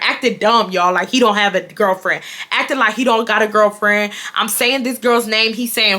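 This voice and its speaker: A woman in her twenties from Houston, telling a storytime vlog in an animated, emphatic way and addressing viewers as y'all. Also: fairly high pitch, normal speed. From Houston, Texas. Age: 20s. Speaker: YouTuber.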